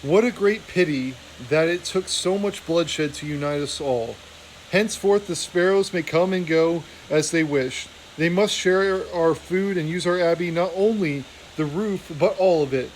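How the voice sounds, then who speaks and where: A man reading aloud, voicing an old male abbot mouse who is dying, gentle and fatherly. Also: a little high, a little slow, slight background noise, close to an everyday voice, rough recording. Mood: tender.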